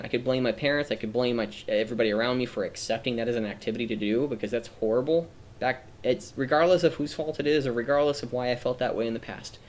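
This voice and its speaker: A man streaming a reflective personal monologue, earnest and rambling, often restarting his sentences, emotional and near tears. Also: medium pitch. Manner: earnest, rambling, self-correcting.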